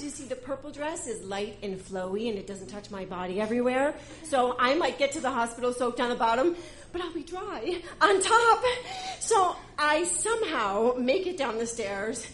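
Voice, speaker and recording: A woman telling a personal story live on stage, animated and exaggerating for comic effect. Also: sits high, moderate pace.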